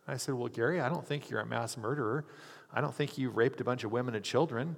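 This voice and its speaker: A man's voice: medium pitch, brisk, creaky, husky. A hospital chaplain telling a story in a sermon, earnestly acting out the people he quotes. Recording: long hall reverb.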